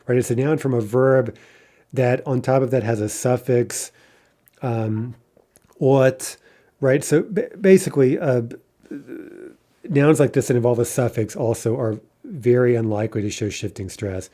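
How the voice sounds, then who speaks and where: A man with a mellow, darker voice walks through a recorded grammar lecture. He explains patiently, thinking aloud and often checking in with a quick "right?" along the way. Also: medium pitch. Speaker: language teacher.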